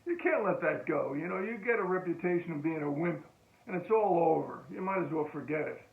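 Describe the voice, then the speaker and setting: An older American man, a veteran, recounting a story in a halting oral-history style with frequent restarts and chuckles. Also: on the high side, animated, gravelly. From United States. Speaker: veteran telling a war story. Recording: tinny phone-like echoey room.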